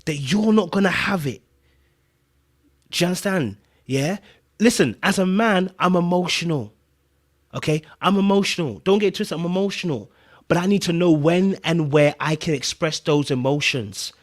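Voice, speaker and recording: Man, podcast host, slightly high-pitched, emphatic and repetitive, casual commentary. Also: moderate pace. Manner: emphatic, repeats points, keeps checking in with "right?".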